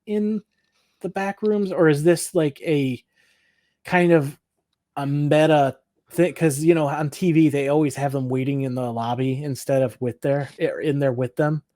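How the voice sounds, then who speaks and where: Man, podcast co-host, casual recap, mellow voice, a little high, dry close sound, laughs a lot. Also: fairly even intonation, no echo. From Michigan. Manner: laughs often, acts out characters' lines in quick voices. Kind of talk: casual episode recap chat.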